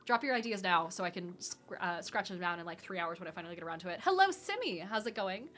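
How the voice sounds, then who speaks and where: A woman hosting a live question-and-answer stream, talking very fast in casual, rambling chat with lots of fillers. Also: fairly low pitch, lively intonation, a bit bright, slight background noise. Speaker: livestream host answering tabletop game questions.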